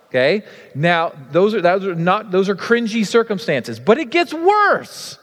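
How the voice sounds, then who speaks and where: A male pastor preaching a sermon in a casual, animated way, full of fillers. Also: high-pitched, big-room sound.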